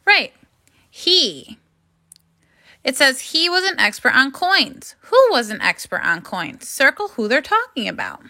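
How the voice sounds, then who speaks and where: A woman teaching a phonics and grammar lesson to young children, speaking slowly and carefully in an encouraging classroom manner. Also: sits high, sing-song, bright, forceful tone.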